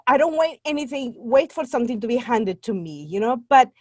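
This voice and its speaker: Guatemalan woman w spanish accent, high voice, earnest heartfelt podcast guest chat. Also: lively intonation, a little fast, dry recording. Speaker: guest, membership site owner. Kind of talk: casual podcast interview.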